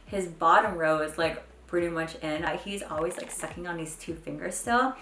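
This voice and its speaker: A young woman chatting casually to camera as a mom vlogger, full of "like" and "um", with pitch jumping up when she mimics her kids. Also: moderate pace, a bit bright. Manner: chatty, fills speech with "like" and "um". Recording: echoey home room, faint background noise.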